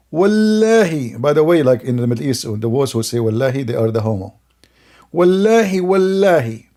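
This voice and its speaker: A man's voice: mid-range voice, mellow. A man giving sarcastic, scornful commentary on a video, laughing often as he mocks it.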